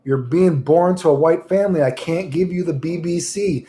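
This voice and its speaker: A man's voice: on the high side, moderate pace, mellow, slight background noise, pitched above the performer's own voice, natural voice. A man voicing a blunt, fed-up God. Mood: scolding. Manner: blunt and crude. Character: gruff, fed-up male God scolding a soul.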